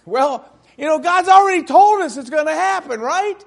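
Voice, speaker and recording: A man with a strikingly high voice preaches a sermon to a congregation. He talks with emphasis and keeps putting rhetorical questions to the room. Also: lively intonation, moderate pace, gravelly.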